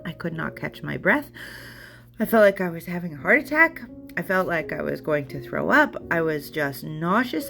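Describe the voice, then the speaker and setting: A woman's voice: on the low side, creaky, a bit bright. A woman giving an earnest, emotional personal testimony about overcoming fear. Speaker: storyteller sharing her recovery.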